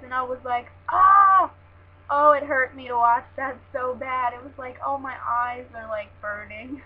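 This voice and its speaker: Gushing high-voiced young woman. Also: husky. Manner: gushing, chatty, full of "like" and "oh my God". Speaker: wrestling fan vlogger. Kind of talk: casual show recap. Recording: dull lo-fi sound with faint hum.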